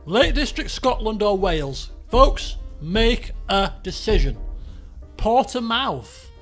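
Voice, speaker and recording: Male streamer, high bouncy voice, chatty commentary, faint music underneath. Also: big pitch swings, slow, a bit bright. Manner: chatty, thinks aloud, laughs often. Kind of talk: live-stream game commentary.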